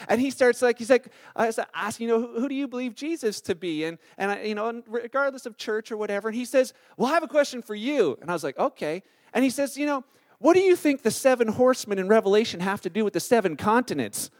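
High-voiced, chatty pastor. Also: male voice, expressive, fast talker. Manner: conversational, storytelling with many fillers. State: slightly sore voice. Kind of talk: sermon.

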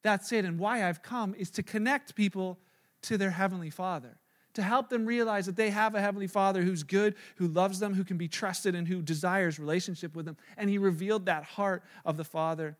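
A man's voice: high voice, steady tone, a little fast. A male pastor preaching a sermon in a casual, storytelling way with frequent fillers.

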